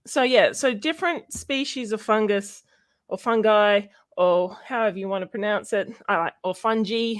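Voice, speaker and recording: A young woman with an Australian accent, chatting casually on a livestream about science and rambling with many fillers. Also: fairly high pitch. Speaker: streamer.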